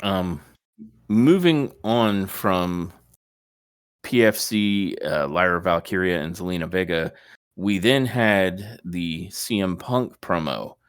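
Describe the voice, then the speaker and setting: A man's voice: sits low, slow pace, clean tone, no echo, clean studio sound. A man co-hosting a podcast, chatting casually and sarcastically about wrestling. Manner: sarcastic, animated when joking. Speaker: podcast co-host.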